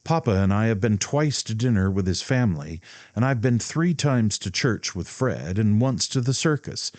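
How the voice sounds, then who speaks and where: A man voicing a spirited young woman who teases gently in a light, raised voice. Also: lowish voice, animated, normal speed, dry recording, voice pushed up, natural voice. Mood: teasing.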